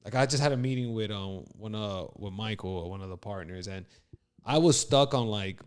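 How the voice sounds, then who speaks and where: A man co-hosting a podcast in casual chat, swearing freely, animated and laughing often. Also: on the low side, moderate pace, clean tone. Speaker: podcast co-host.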